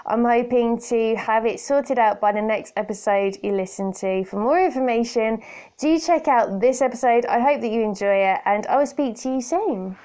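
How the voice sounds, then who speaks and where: Chatty woman rambling on her podcast, bit high voice, jokey asides, hands-free kit mic. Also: normal speed, warm tone, clear, resonant tone. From Britain. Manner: chatty, self-mocking, playful asides. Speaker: podcast host. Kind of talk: casual solo podcast chat. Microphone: borrowed hands-free kit headset.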